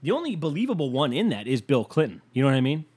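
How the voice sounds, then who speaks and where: A man's voice: mid-range voice, very animated, quick pace, a little mellow, slightly rough. A man hosting a podcast, ranting casually in a heated, sarcastic, profane way and rambling through stories with lots of filler words. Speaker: podcast host.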